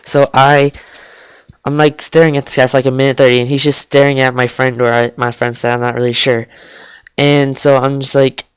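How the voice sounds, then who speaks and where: A teenage boy tells a story in a rambling, halting way, leaning on "like" and false starts. His voice is smooth and clear at a middle pitch. The sound is dry and close, recorded in his bedroom. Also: little pitch movement, no room sound. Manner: rambling, full of "like" and restarts. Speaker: vlogger. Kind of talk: casual storytelling. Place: cold bedroom.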